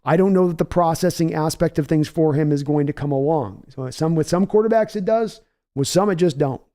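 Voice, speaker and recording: Reading viewer messages aloud during a casual football livestream, this host replies to people by name. His warm, mellow voice leans slightly high, and his analysis comes out measured, as thinking aloud with occasional restarts.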